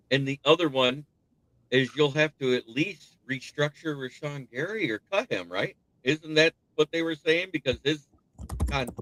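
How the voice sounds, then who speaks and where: A man's voice: medium pitch, fairly bright tone, poor audio. A man hosting a casual sports talk stream, rambling and thinking aloud as he goes. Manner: rambling, thinks aloud with restarts, laughs at rival team's troubles. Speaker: sports talk show host.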